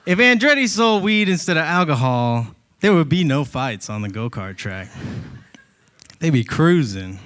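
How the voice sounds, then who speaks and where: A man from Georgia doing a stand-up comedy set in a club, talking into a handheld mic. His voice is smooth and sits a little high. He delivers his bits in a wry, laid-back, conversational way. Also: sing-song, unhurried, fairly bright tone.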